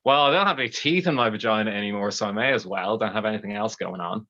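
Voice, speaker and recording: A shameless young woman, as an Irish storyteller puts her on, flat and offhand in her delivery. The voice sounds bright over slightly dull livestream audio. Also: mid-range voice, quick pace, close to an everyday voice.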